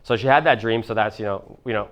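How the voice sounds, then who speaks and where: A man's voice: on the low side, fast, a bit bright, lo-fi sound. A man in his twenties telling a story at a seminar, casual and rambling, swearing now and then. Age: 20s. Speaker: motivational speaker.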